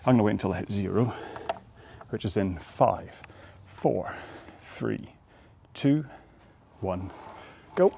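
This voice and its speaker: A man's voice: on the low side, slow pace, creaky, warm tone, a little hiss or hum. A man coaching a follow-along rowing workout outdoors, chatting in a rambling, friendly way with self-deprecating asides.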